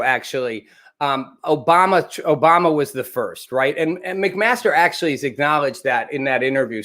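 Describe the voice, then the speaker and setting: Animated male political commentary host. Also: on the high side. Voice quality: animated, repeats words when restarting.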